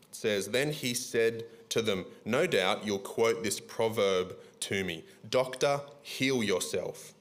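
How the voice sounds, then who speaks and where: Casual, lively Australian preacher man. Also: medium pitch. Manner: conversational, animated storytelling with voiced asides. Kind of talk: sermon. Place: church.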